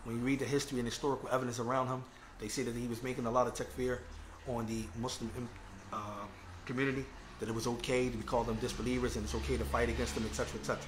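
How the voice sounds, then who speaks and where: A man's voice: medium pitch, level tone, rapid-fire, background noise. A man delivering a religious lecture, earnest and conversational, often checking in with his listeners. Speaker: Islamic lecturer.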